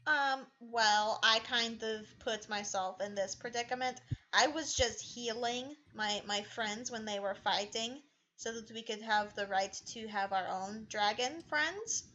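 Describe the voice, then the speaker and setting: A woman with a higher voice speaks in character during a tabletop game. She is upbeat and chatty, and the recording comes through a dull, lo-fi mic. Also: measured pace, sharp tone, slight background noise. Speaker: player.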